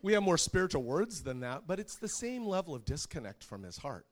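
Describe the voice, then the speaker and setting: A middle-aged man preaching a sermon, telling a personal story in an animated way and laughing often. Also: on the high side, a little fast.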